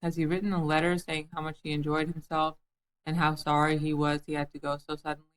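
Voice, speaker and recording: A fussy rabbit full of his own importance, clipped and brisk, as a woman reading aloud gives him his lines. The voice stays close to the reader's own lowish tone. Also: little pitch movement, close to an everyday voice, poor audio.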